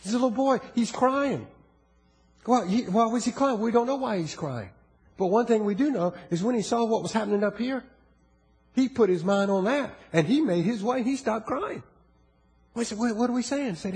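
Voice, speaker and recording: A male pastor with a fairly high voice preaches in a loose, conversational way, often stopping to ask his listeners questions. His voice carries a long reverb from a large hall. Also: expressive, moderate pace. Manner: conversational preaching, asks the congregation questions, frequent restarts; drops to a quiet, intimate tone in places. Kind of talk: sermon.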